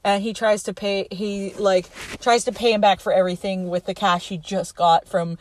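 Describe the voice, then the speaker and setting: A young adult woman casually recapping a movie scene by scene, in a chatty, animated way with plenty of fillers. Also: mid-range voice, moderate pace, slight background noise.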